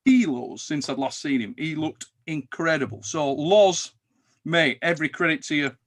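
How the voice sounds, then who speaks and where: Lively teasing man host. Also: a little high, moderate pace. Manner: animated, swears, teasing banter. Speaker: podcast host. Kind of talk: casual chat.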